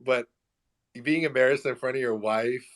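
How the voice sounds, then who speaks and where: A man in his forties, an animated, self-mocking storyteller who laughs often in a casual online audio chat. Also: medium pitch, moderate pace.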